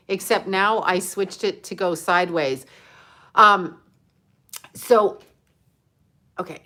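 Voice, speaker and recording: A woman's voice: medium pitch, fairly bright tone. Middle-aged woman, livestream host, chatty, laughs a lot, casual swearing, phone mic. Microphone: handheld phone.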